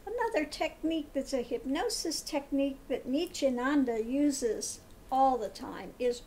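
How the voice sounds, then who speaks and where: A woman's voice: high voice, animated, a little slow, few pauses, mellow, slight background noise. A woman giving a spiritual commentary monologue, emphatic and scornful, who repeats her points and asks "okay?" often. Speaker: tarot reader and spiritual commentator.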